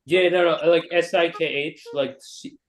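A young man talks as a podcast guest, teasing the host and leaning on fillers. His voice sits a little high for a man, and he speaks in quick casual bursts. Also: steady tone. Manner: teasing, many fillers like 'like' and 'bro'.

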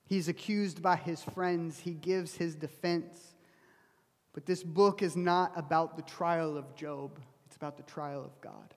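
A man's voice: a little high, steady tone, measured pace, big-room sound. A man preaching a sermon, telling a story earnestly and often dropping his voice to a near whisper. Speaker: pastor.

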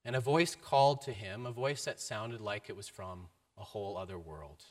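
A man giving a sermon, telling a story with varied emphasis and a mid-pitched voice. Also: moderate pace. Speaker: preacher.

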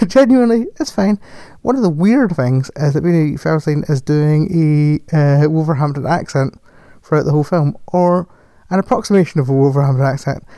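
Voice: medium pitch, dark tone, no room sound. A person chatting casually about a film, rambling, correcting themselves and laughing often. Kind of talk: casual film review chat.

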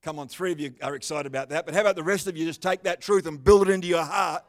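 A man preaching a sermon in a church service, animated and bursting out loud at times, with chatty, joking asides to people in the congregation. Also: fairly high pitch, fast talker. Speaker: pastor.

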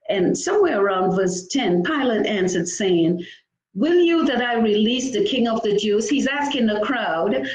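A woman's voice: medium pitch, darkish tone. Woman preacher, mid-range voice, reads scripture with fervent asides; roomy echo. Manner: reads scripture aloud with exclamations between verses. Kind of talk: scripture-reading sermon.

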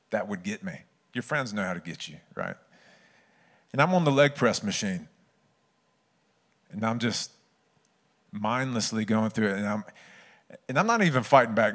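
A man's voice: lowish voice, fairly bright tone. A man, preaching a sermon in an earnest, conversational storytelling way.

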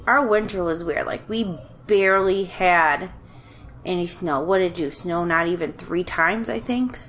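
Stuffy-nosed woman, low voice. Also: a little slow, fairly bright tone. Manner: chatty, rambling with fillers. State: stuffy, nasal from allergies. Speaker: podcast co-host. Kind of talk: casual chat.

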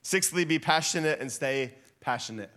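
A man preaching a sermon in a church hall, lively and playful, getting the congregation to shout along with him. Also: a little high, normal speed. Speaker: guest preacher.

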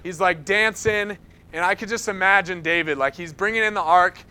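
A man delivering a sermon with a high, bright voice. He tells his stories with energy and acts out the lines of the people in them, and his tone stays smooth and clear. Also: normal speed. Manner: animated storytelling, acts out quotes. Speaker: preacher.

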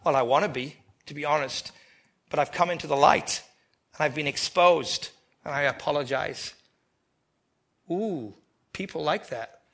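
Pastor guy preaching, bright slightly high voice, gets loud and punchy on key lines. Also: measured pace, vocal fry, pauses often. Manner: animated preaching with sudden loud emphatic bursts. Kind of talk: sermon.

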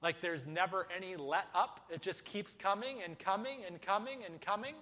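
A high-voiced man delivers a sermon from a church sanctuary, his words trailing off into a long hall echo. He preaches emphatically, asking rhetorical questions and hammering phrases through repetition. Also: moderate pace, bright, forceful tone. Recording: echoey hall.

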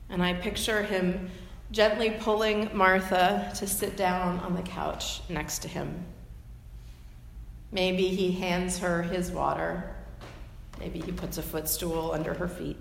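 Unhurried woman preaching in an echoey hall. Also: lowish voice, flat delivery, vocal fry, a little hiss or hum. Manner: storytelling, imaginative retelling with gentle asides. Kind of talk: sermon. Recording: echoey hall with faint ambience.

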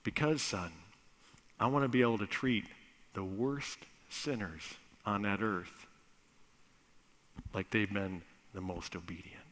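A man's voice: medium pitch, brisk, few pauses, a bit bright, close to an everyday voice. A man voicing a fatherly figure who lays out plans for his son in a direct, matter-of-fact way. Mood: tender. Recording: echoey hall.

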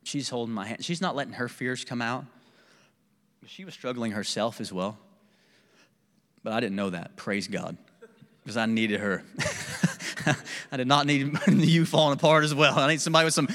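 A young adult male pastor preaching a candid, animated sermon with personal stories and laughter. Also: fairly high pitch, moderate pace, pauses often, long reverb tail.

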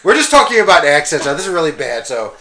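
A man chatting on a podcast with a lively, swooping voice that sounds bright and forward. He rambles from joke to joke and keeps breaking into silly voices. The recording has a roomy echo. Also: fairly high pitch, fast talker. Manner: rambling, jokey, slips into voices. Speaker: podcast cohost. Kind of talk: casual chat. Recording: roomy echoey room.

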